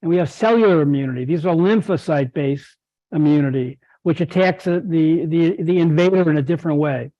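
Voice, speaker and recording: Dull-sounding older-voiced doctor lecturing. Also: male voice, on the high side, a little fast, warm tone. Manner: explanatory, wry asides, frequent restarts. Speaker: guest speaker physician. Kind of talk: club presentation lecture.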